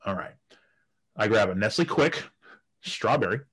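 Laughing low-voiced man telling crude stories. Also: expressive, normal speed, fairly bright tone, slightly rough. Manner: laughs often while telling crude anecdotes, many restarts. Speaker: guest storyteller. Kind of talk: casual podcast storytelling.

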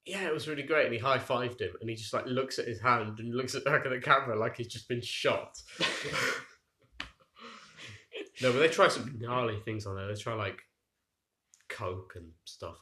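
A man's voice: mid-range voice, moderate pace, pauses often, pushed and bright. A young man co-hosting a podcast, telling long rambling stories in casual chat and laughing at his own tangents. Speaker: podcast co-host. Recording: roomy echo.

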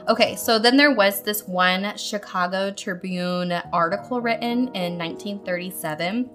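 A woman's voice: medium pitch, moderate pace, a bit bright, faint music behind. A woman co-hosting a podcast, chatting casually and reading notes, with a giggly, chatty manner and a lot of "like". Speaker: podcast co-host.

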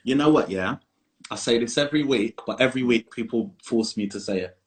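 A man's voice: mid-range voice, a little fast. A young man with a London accent, co-hosting a casual podcast and speaking bluntly and emphatically with plenty of slang. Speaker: podcast co-host. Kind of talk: casual chat.

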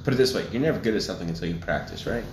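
A man's voice: fairly low pitch, animated, very fast. A young man co-hosting a casual podcast, making crude jokes and swearing freely. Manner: crude, joking, swears a lot. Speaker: podcast co-host. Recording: echoey room, faint ambient noise.

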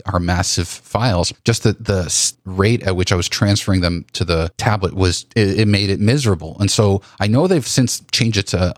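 A low-pitched man co-hosts a casual photography podcast, working his ideas out aloud with frequent restarts and repeated words. His voice sits close to a dry microphone with no room sound around it. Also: normal speed, hardly any pauses, no echo. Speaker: podcast co-host. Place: home office.

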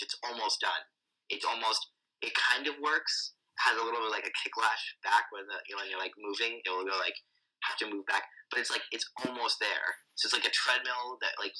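A man's voice: fairly low pitch, steady tone, brisk, bright, forceful tone, rough recording. A young man chatting casually with friends, rambling with lots of fillers and jokes. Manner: rambling, many fillers, jokey. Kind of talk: casual chat among friends.

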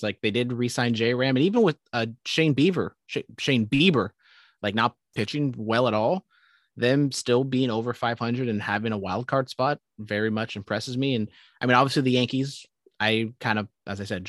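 A young man talks sports on a podcast, rambling, restarting his sentences and swearing now and then. His voice sits at a middle pitch. It sounds dry and close to the mic. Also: no echo. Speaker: podcast co-host. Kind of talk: casual chat.

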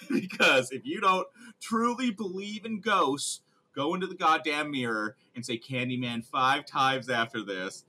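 Animated bright-voiced man podcast host. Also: fairly high pitch, measured pace, few pauses. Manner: animated, swears casually, laughs a lot. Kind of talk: casual chat.

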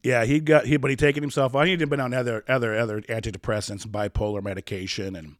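A man's voice: medium pitch, steady tone, fast talker, no room sound, clean studio sound. A man telling a personal story as a podcast guest, rambling, repeating words and acting out old conversations.

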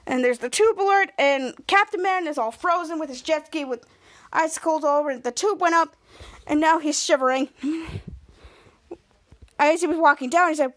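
Recapping a TV episode one scene at a time, a woman podcast host stumbles along, restarting often and leaving words cut off. Her voice sits high and sounds a bit bright.

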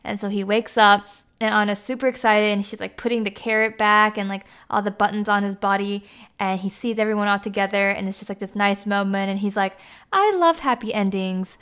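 A woman with a smooth, clear voice talks through a recap in an easygoing, chatty way. She leans on "like" and "you know" throughout. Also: mid-range voice, little pitch movement, fairly quick, fairly bright tone. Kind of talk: casual plot recap.

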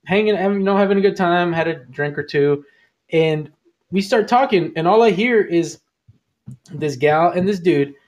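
Man, slightly high voice, casual podcast storytelling, laughs often, filler-heavy. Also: moderate pace, a little mellow. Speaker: podcast co-host.

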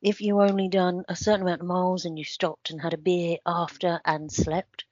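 A woman co-hosting a casual podcast, delivering absurd jokes deadpan. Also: fairly low pitch, moderate pace. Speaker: podcast co-host. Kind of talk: casual chat. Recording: dry, slightly dull sound.

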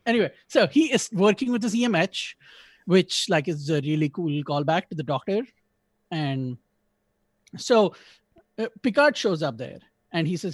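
Male podcast host, slightly higher voice, dry close sound, rambling casual review. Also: lively intonation, normal speed, long pauses, no room sound. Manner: rambling, self-correcting, joking asides. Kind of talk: casual episode review chat.

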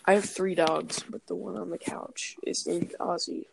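A man with a gravelly, frayed voice chats dryly on a casual podcast, his words often sinking to a near-whisper. A faint hiss of noise sits under the recording. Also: sits high, steady tone, moderate pace. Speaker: podcast co-host. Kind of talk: casual chat.

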